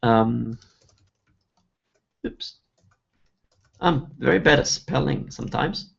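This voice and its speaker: A man's voice: mid-range voice, slow pace, gravelly, fairly bright tone, muffled recording. A man from Italy, hosting a live online Q&A lesson and chatting as he explains phrases one by one. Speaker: Italian teacher hosting a webinar.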